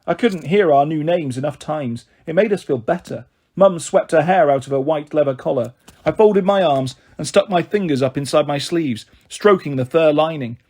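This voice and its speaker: A man narrating a children's novel aloud in a steady, expressive reading. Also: fairly high pitch, normal speed. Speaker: storyteller. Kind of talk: audiobook narration.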